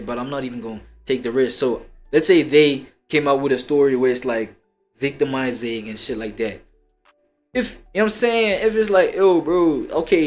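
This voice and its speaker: A male streamer with a mid-range voice chats casually about the clips he is watching. He talks in loose, profane slang and tends to ramble, with faint music playing behind him. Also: mid-range voice. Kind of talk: casual live-stream reaction chat.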